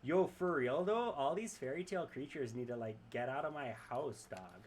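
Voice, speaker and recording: A man voicing a brash male ogre with a slangy put-on Toronto accent, loud and drawn out. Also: mid-range voice, expressive, moderate pace, slight background noise, close to an everyday voice.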